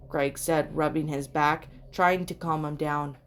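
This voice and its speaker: A woman reading fan fiction aloud in a steady, plain storytelling manner, with small slips and rereads. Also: low-pitched, moderate pace, few pauses, a little hiss or hum. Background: soft background music.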